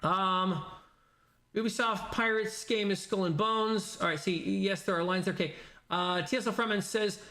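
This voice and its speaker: High, bright-voiced man chatting. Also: steady tone, normal speed, reverberant. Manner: rambling, thinking aloud with many fillers. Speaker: streamer reading viewer comments. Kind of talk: casual livestream chat.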